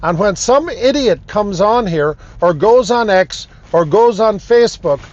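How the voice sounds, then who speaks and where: High-voiced man ranting slowly from his car. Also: expressive, darkish tone, lo-fi sound. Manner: emphatic, indignant ranting with repeated phrases. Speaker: vlogger. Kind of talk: talking to camera.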